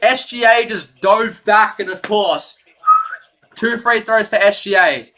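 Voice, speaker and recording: Male fan streamer calling the game live, openly biased, erupts at bad calls, bright edgy voice. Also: sits high, slow, a little hiss or hum. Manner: partisan, excitable, rants at referees.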